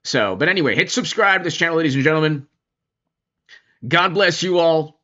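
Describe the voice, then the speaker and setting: Bright-voiced man rambling through commentary. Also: fairly high pitch, lively intonation, brisk, muffled recording. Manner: rambling, with many restarts and asides. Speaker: political commentary host. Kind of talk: casual political commentary.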